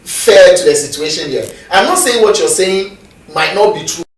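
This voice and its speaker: A man, co-hosting a studio talk show and arguing a point in a measured way. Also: high-pitched, expressive. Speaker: co-host. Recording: echoey studio, distant mic, faint noise.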